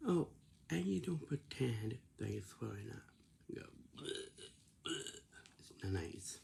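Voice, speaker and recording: A man slowly explaining everyday manners, repeating himself and checking in with "right?" then answering "yeah". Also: medium pitch, very animated, vocal fry, warm tone, a little hiss or hum. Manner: slow, repetitive, asks "right?" and answers "yeah". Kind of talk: casual explanatory talk.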